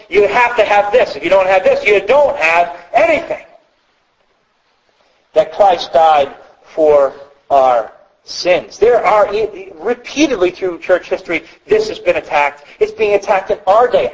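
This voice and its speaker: A man's voice: high voice, rough recording. A man preaching a sermon as pastor, teaching earnestly and repeating key phrases for emphasis.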